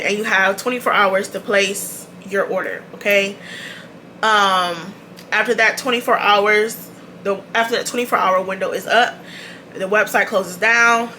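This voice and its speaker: The beauty channel host, a woman, speaks casually to the camera, often laughing and restating her key points. Her medium-pitched voice sounds pushed and bright against slight background noise.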